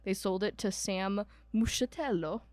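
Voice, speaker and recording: A woman's voice: medium pitch, unhurried, a little mellow, no room sound. A young woman co-hosting a podcast, telling a ghost story in a chatty way with lots of fillers and asides. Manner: chatty storyteller, many "um"s and asides, mock voices for quoted people. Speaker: podcast co-host. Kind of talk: casual chat about a haunted house.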